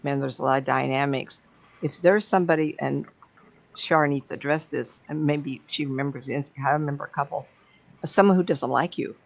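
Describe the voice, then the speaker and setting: A woman's voice: low voice, fairly quick, creaky. A woman speaking as a psychic medium, giving a blunt, plain-spoken talk to an audience. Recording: dull lo-fi sound.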